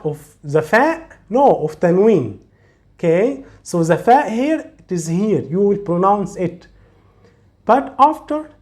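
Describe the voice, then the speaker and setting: Slow, patient male teacher. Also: high-pitched, darkish tone. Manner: slow, patient, demonstrates sounds and repeats them. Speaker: Arabic teacher. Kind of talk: slow, step-by-step recitation lesson.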